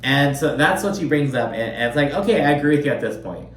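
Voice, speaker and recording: A man's voice: mid-range voice, expressive, quick pace. A man giving a casual, chatty recap of a reality show, swearing freely and filling his sentences with "like.". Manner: chatty, profane, lots of "like". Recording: roomy echo, distant mic, faint hum.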